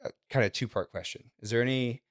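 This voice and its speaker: A man hosting a podcast, chatting and asking questions in a relaxed, conversational way, with lots of filler words. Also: medium pitch, fast. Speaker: podcast host. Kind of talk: casual podcast chat.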